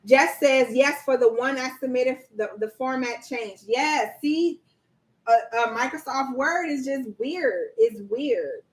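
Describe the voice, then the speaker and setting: A woman with a high voice speaks slowly over a rough recording. She hosts a casual livestream coaching people on government contracts, chatting in slang, quizzing viewers, and reading their chat aloud. She laughs a lot and calls her audience "y'all."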